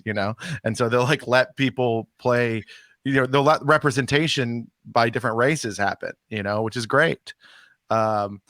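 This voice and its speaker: A man with a mid-pitched voice co-hosting a comedy podcast, talking in a halting, deadpan way full of fillers. The sound is dry and close, with no room around it. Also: dry recording. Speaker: podcast co-host. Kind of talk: casual chat. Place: Texas.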